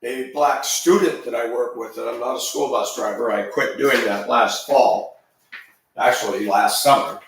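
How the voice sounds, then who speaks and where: A man's voice: medium pitch, moderate pace, fairly bright tone, recorded from a distance, a little hiss or hum. Man in his fifties, echoey and off-mic. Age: 50s. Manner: emphatic and rambling, with repeated restarts. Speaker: video commentator. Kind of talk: ranting monologue.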